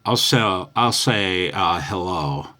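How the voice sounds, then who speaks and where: A man's voice: low-pitched, lively intonation, takes it slowly, background noise. An older man giving a casual, chatty radio lesson, often calling the listener "man". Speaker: ham radio instructor.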